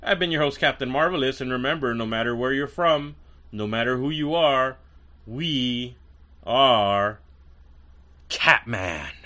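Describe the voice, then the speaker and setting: A man's voice: mid-range voice, brisk, bright, forceful tone. A man hosting a podcast, giving casual review commentary and rambling with fillers and restarts. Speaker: podcast host.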